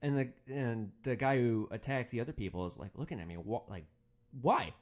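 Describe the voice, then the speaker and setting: A man hosting a podcast, telling a story about his rideshare driving in a casual, animated way and swearing freely. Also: mid-range voice, fast talker. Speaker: podcast host, rideshare driver.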